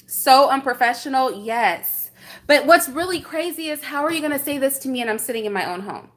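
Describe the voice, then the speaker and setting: A middle-aged woman with a high voice talks straight to her viewers in a loose livestream chat. She tells the story with indignant energy and keeps throwing out rhetorical questions. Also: fairly bright tone. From San Francisco, USA. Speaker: vlogger reacting to chat.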